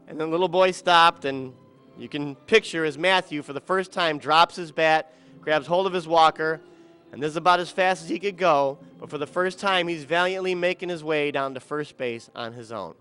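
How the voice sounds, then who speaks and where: A middle-aged man with a smooth voice that sits high shares a personal anecdote about a kids' ball game, telling it with drama and imitating others by getting softer or louder.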